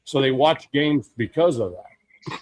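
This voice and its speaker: A man's voice: mid-range voice, lively intonation, slow, darkish tone, slight background noise. A man co-hosting a casual sports podcast, talking emphatically, often repeating himself and arguing his point. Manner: emphatic, repetitive, argumentative. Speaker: podcast co-host.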